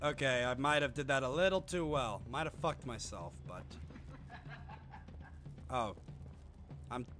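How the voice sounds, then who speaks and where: A man streaming a horror game live, talking to himself and shouting and swearing at the enemies chasing him. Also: medium pitch, lively intonation, a little slow, pauses often, soft background music. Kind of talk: live gameplay commentary.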